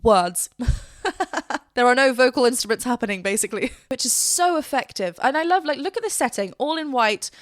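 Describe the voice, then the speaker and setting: A woman's voice: on the high side, expressive, brisk, dry recording, studio quality. A woman vocal coach reacting to a song, chatting about technique and breaking into short sung demonstrations. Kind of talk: reaction video with vocal analysis.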